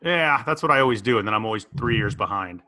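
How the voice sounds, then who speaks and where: A middle-aged man hosting a loose, joking news podcast. His voice is bright and lively, swinging up and down as he talks. He keeps breaking into playful impressions. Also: on the low side, fast talker. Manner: playful, slips into exaggerated impressions. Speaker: podcast host. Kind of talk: casual comedic news chat.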